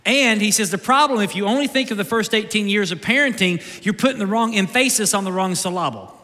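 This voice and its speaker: Urgent preacher in a big hall. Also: male voice, high-pitched, lively intonation, quick pace, pushed and bright. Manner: urgent, exhorting preacher with repeated refrains. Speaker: pastor. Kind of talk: sermon. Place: large church sanctuary. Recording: long reverb of a big hall.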